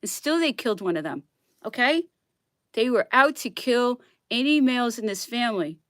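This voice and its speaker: In clean, echo-free studio sound, a woman with an expressive voice on the high side reads history memoirs at a moderate pace as a vlogger. Her commentary is an impassioned rant, shifting between loud outbursts and hushed whispers, with a pointed "okay?" tagged on again and again.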